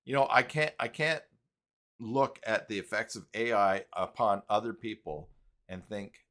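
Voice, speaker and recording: A man's voice: lowish voice, moderate pace, fairly bright tone. A man hosting a casual live stream, rambling and reading chat messages aloud.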